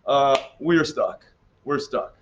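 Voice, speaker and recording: A man explains a history assignment in a relaxed, chatty way, now and then slipping into silly put-on voices for countries. His voice sits at an ordinary middle pitch. The recording is a little dull and lo-fi. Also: slow, slight background noise. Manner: casual, joking, puts on silly accents for countries. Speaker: history teacher. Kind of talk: classroom lesson walkthrough.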